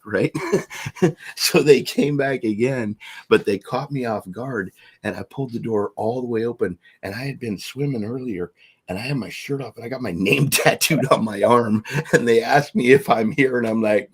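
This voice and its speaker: Low husky male podcast host, profane and animated storyteller, casual chat. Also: normal speed. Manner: profane, animated storyteller who acts out quotes.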